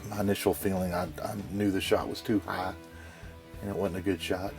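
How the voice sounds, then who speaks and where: A man with a fairly low voice narrates a bowhunting trip in the woods. He talks in short, plain spoken phrases. Faint music plays under him. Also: little pitch movement, brisk, creaky. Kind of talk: hunting show narration and field talk. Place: outdoors in woods.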